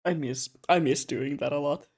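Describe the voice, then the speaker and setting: Young adult streamer, casual chat, animated storytelling, rambling asides, laughs a lot, middle pitch. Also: moderate pace. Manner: rambling, many fillers and asides. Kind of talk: casual chat while drawing.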